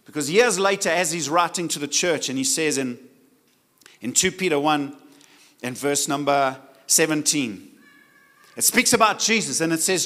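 A male preacher with a high, ringing voice and a bright, forceful edge. He preaches with emphasis and often pauses to get the congregation to say key words back to him. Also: lively intonation. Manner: emphatic, asks the crowd to repeat words. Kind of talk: sermon.

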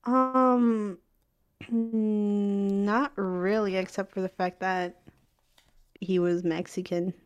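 A woman's voice: mid-range voice, level tone, extremely slow, clear, resonant tone. A young woman co-hosting a podcast, talking casually and often hedging what she says. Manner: chatty, unsure, hedging. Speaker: podcast co-host.

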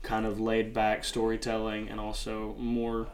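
A man's voice: on the low side, completely flat delivery, measured pace. A young man co-hosting a casual podcast chat, speaking in a wry, laid-back, explanatory way. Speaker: podcast co-host.

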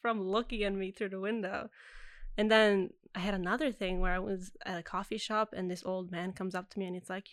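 An Italian-born woman in her twenties chatting as a podcast guest, laughing often as she tells her stories and acting out the people she quotes. Her voice sits at an ordinary middle pitch. The recording is dry and close, with no room sound. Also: fairly quick, no room sound. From Italy. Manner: lively storyteller who laughs often and acts out quoted remarks. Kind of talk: casual podcast chat.

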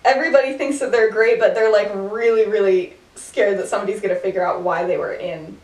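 A woman's voice: mid-range voice, fairly even intonation, a little fast, a little mellow. Chatty woman in an echoey room. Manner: rambling, many "like" fillers, frequent laughter. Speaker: podcast co-host retelling a story. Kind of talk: casual chat. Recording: echoey room, distant mic.

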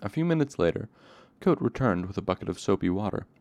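A man reading a novel aloud in a plain, steady narration. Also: lowish voice, quick pace, dry recording. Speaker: audiobook reader.

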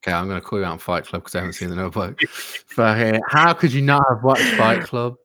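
A man's voice: lowish voice, fast, sharp tone. A man co-hosting a casual podcast, teasing and laughing with his friends. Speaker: podcast co-host. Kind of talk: casual late-night podcast banter.

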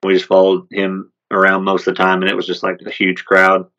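A man co-hosting a podcast, talking sports in a relaxed, rambling way with lots of fillers. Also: sits low, fairly quick, muffled recording. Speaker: podcast co-host. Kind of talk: casual sports chat.

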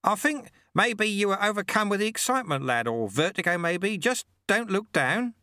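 A calm old sweeper monk, kindly and homespun, soothing a frightened boy with easy, reassuring words. A man voices him in a storybook reading, in a lively, rising voice with a dry, close sound. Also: high-pitched, moderate pace, no room sound, pitched above the performer's own voice, heavily acted. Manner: gentle and reassuring.

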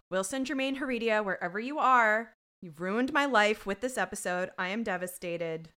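A woman's voice: medium pitch, moderate pace, clean tone. A woman co-hosting a podcast, recapping a TV episode in casual, emotional chat over a video call. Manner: animated, emotional, swears freely. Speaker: podcast co-host. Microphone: computer mic on a video call.

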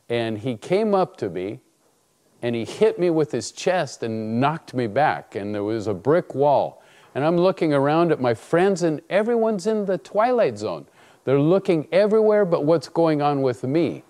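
A man's voice: a little high, a little slow. A man preaching a sermon, telling a personal story and acting out the dialogue in it. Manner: animated storytelling, acts out dialogue.

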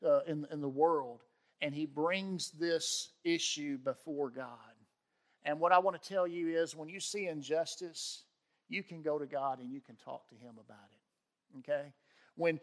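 A man preaching a sermon in a conversational way, rising in force on key points. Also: on the high side. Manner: conversational preaching, rises with emphasis, frequent restarts. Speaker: pastor.

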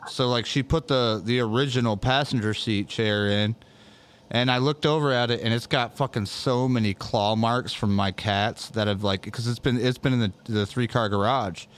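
A man's voice: medium pitch, steady tone, normal speed, clean tone. A man hosting a casual chat show, telling rambling, profane stories full of fillers. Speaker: podcast host.

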